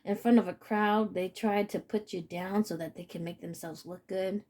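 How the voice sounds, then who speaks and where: A woman's voice: mid-range voice, fairly even intonation, normal speed, a little mellow. A woman giving a casual spiritual reading to her viewers. She talks emphatically and swears freely, and she keeps repeating "okay?".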